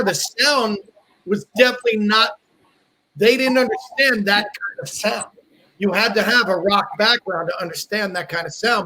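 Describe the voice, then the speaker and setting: A man's voice: high-pitched, sharp tone, a little hiss or hum, rough recording. A man hosting a casual chat, eagerly chiming in with agreement and his own comments. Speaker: podcast host.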